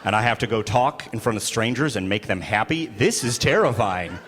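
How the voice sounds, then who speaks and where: Animated male stand-up comic. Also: lowish voice, moderate pace, some chatter behind. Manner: animated storytelling with frequent laughs and acted-out voices. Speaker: stand-up comedian. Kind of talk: stand-up comedy set.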